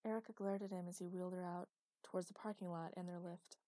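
Female audiobook narrator, mellow and dry. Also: on the low side, steady tone, quick pace, dry recording.

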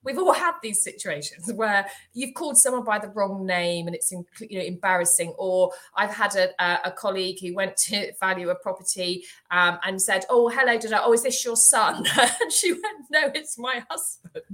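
A woman's voice: medium pitch, moderate pace, hardly any pauses. A middle-aged woman, a rural estate agent hosting a casual podcast chat, telling anecdotes and laughing as she talks. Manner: warm storyteller, laughs often while talking.

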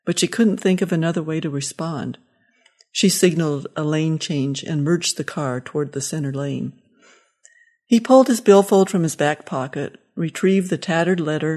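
A woman introducing and reading short stories aloud in a gentle, measured way. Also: low-pitched. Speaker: story reader.

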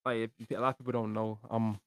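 A young man co-hosting a podcast, relaxed and a little tired, talking in casual slang with lots of fillers. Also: on the low side, fast, smooth, dry recording, clean studio sound. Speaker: podcast co-host. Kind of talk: casual chat.

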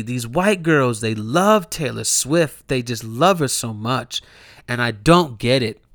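A young man ranting profanely in a comedic way, mocking and heated, jumping between loud outbursts and muttered asides. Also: a little high, dry recording, studio quality. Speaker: commentator.

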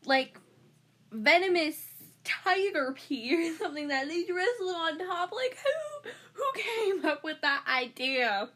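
A woman's voice: very high voice, lively intonation, measured pace, fairly bright tone, rough recording. A woman hosting a casual solo podcast, giggly and dramatic, often laughing mid-sentence. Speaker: podcast host.

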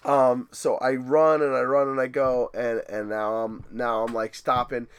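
A man's voice: medium pitch, measured pace, clean tone. A middle-aged man telling a race story in casual, profane chat, acting out what people said. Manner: animated, profane storytelling with acted-out quotes.

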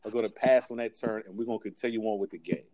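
A man's voice: fairly low pitch, steady tone, racing, warm tone. A man hosting a trivia game among friends, teasing and swearing freely in casual banter. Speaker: quiz host.

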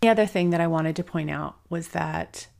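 On her own podcast, a woman in her forties speaks candidly and emotionally, thinking aloud while fighting back tears. Her voice is low, gravelly and somewhat dark, moving at a normal pace.

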